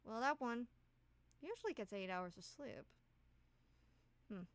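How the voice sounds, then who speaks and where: A woman's voice: on the high side, sing-song. A woman doing a flustered rambling companion. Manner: rushed, rambling, hedging.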